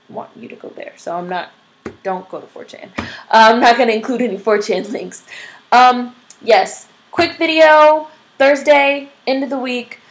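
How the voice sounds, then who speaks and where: A young adult woman vlogging, ranting bluntly and profanely, full of "like" and "you know". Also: fairly high pitch. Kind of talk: casual ranting commentary to camera.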